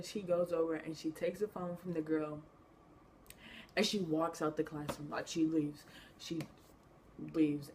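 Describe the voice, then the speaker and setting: A woman's voice: fairly low pitch, darkish tone, slight background noise. A woman telling a story on her vlog, chatty, full of "like" fillers, acting out what people said. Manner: chatty, many "like" fillers, acts out quotes. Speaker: vlogger.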